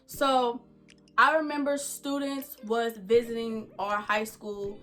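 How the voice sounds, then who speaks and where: A woman vlogger telling a casual storytime, animated and chatty, full of slang and asides to viewers. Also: on the high side, slow pace.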